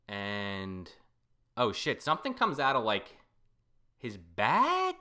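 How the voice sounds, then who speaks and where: Guy doing a manga reaction vid, super lively pitch, bright voice, swears and laughs a lot. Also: slow, pauses often. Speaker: reaction video host. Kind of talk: casual comic reaction and recap.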